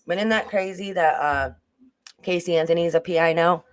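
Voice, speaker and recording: Livestream host, casual true-crime commentary, rambling, many restarts, chats to viewers, mid pitch. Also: normal speed, smooth. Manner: rambling, with frequent restarts and asides to the chat.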